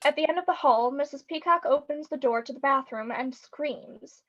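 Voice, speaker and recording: A woman narrator reading stage directions in a brisk, wry way. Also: high-pitched, fairly bright tone, lo-fi sound.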